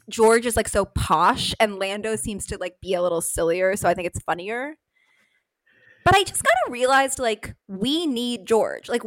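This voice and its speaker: Animated, lively-voiced woman podcast host. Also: a little high, no echo, rough recording. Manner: animated, swearing, frequent "like", bursts of shrieking laughter. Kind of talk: casual chat.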